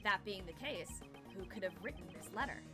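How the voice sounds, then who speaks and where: A woman reading the lines of a cool, composed male prosecutor in a game, with a measured, formal delivery. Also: mid-range voice, lively intonation, over music, natural voice. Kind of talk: game dialogue read aloud.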